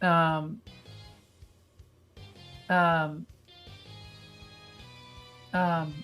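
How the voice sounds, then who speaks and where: Female streamer, English not her first language, low-ish voice, halting chatty delivery. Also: little pitch movement, fairly bright tone, soft background music. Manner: hesitant, many fillers, reads chat aloud. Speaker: streamer host. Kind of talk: casual chat.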